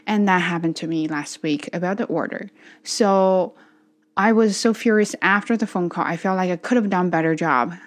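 A tired woman talking in a casual personal vlog, earnest and self-reflective, speaking in halting phrases as she practices her English. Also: fairly low pitch. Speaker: channel host practicing English.

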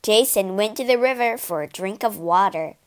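A woman narrating a storybook for English learners, reading slowly, clearly and expressively. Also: mid-range voice.

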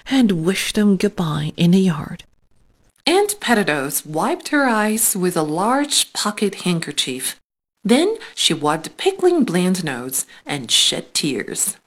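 Slow woman reading a storybook. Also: mid-range voice.

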